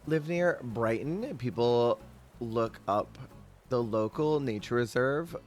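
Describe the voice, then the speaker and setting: A man's voice: mid-range voice, faint music behind. A man streaming a life-sim game, chatting with viewers and telling stories in a casual, laughing way. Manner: chatty, storytelling, quick laughs. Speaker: Twitch streamer. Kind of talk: casual gameplay chat with viewers.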